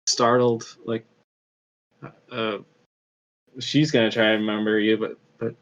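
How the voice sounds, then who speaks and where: A man narrating as game master of a tabletop game, unhurried and hesitant, with many fillers. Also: lowish voice, little pitch movement. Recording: slightly dull lo-fi audio.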